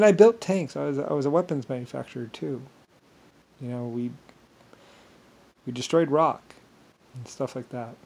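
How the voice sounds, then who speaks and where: A man telling a rambling, boastful story, halting often with fillers and restarts. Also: mid-range voice, gravelly, warm tone. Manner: boastful, grandiose. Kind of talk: rambling monologue.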